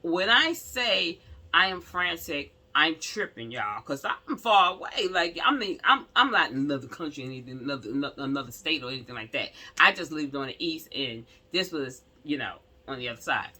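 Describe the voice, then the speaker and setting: A woman's voice: sits low, sing-song, moderate pace, bright, forceful tone. A woman casually telling a personal story to her viewers, emphatic and rambling, with many asides to the audience.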